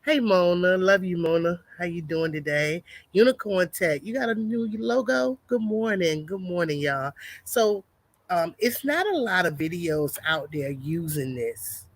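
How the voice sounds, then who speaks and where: A woman with a lowish voice, recorded with no room sound, chats casually on a homestead livestream. She greets her viewers and haltingly reads a product label aloud.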